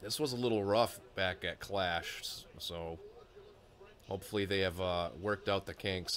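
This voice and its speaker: A man's voice: sits low, steady tone, measured pace, a crowd in the background. A man casually reacting live to a wrestling match, thinking aloud with frequent fillers and side comments.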